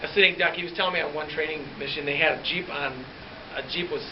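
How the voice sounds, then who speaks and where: A fairly high-voiced man teaches a class, spinning a story and jumping between voices as he acts out each exchange. He is recorded from across a roomy classroom on a dull, lo-fi track with a soft hiss underneath. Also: fast, far from the mic. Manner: animated, acts out dialogue with shifting pitch. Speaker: history teacher.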